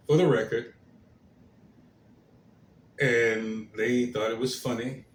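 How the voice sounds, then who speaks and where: A man hosting his own commentary stream, talking in a halting way with many fillers and restarts, his phrases trailing off softly. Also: medium pitch, level tone. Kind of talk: slow, hesitant solo commentary. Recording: roomy echo, faint background hiss.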